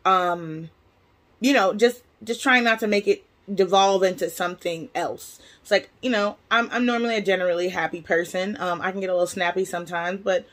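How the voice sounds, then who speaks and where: Woman venting thru a storytime vlog, animated, exasperated, lots of um and like, normal mid pitch. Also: a little fast. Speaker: vlogger. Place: lives in Taiwan.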